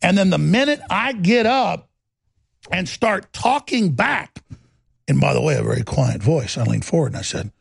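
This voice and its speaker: A middle-aged man hosting a talk show, ranting in a heated, mocking monologue with a raspy voice. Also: on the high side, lively intonation, moderate pace, dry recording. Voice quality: gravelly, raspy.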